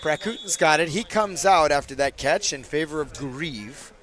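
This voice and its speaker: A man calling a game from a commentary booth on a booth microphone, joking with his co-host and bursting loud on big plays. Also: a little high, animated, normal speed. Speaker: sports commentator. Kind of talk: play-by-play commentary with banter.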